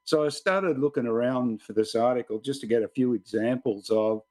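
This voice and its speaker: A man's voice: medium pitch, normal speed, darkish tone. Older Australian man explaining at length. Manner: reflective, explanatory, rambling sentences. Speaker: guest columnist. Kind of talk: podcast interview answer.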